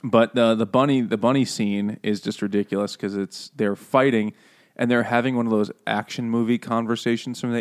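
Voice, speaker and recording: A man co-hosting a casual book-and-beer podcast, rambling, swearing freely and laughing often. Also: lowish voice. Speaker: podcast co-host. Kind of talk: casual book chat over beers.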